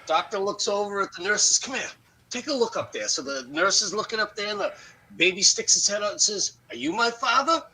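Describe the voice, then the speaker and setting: A man on a community radio talk show, telling a joke in an animated, storytelling way. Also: high-pitched, fast talker, breathy edge, poor audio.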